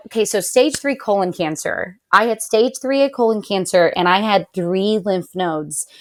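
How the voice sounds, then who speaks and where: A young woman talks through a hard personal story as a podcast guest, with an average pitch. She is animated and fills her speech with "like," and when she quotes other people she jumps into a higher, livelier voice. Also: slight background noise. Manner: animated, heavy use of "like", quotes others in raised voice. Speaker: podcast guest, patient advocate.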